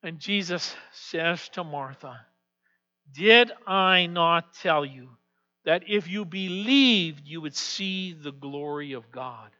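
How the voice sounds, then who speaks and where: A man preaching a sermon as pastor, swinging from hushed, quiet passages to loud, emphatic declarations. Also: on the high side, takes it slowly. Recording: dull lo-fi sound with long hall reverb.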